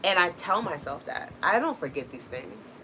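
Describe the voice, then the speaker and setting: A woman's voice: fairly low pitch, sing-song, normal speed, sharp tone, slight background noise, poor audio. A woman hosting a livestream, talking earnestly and reassuringly to her viewers, often checking in with "right?". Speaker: host. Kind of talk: livestream motivational talk.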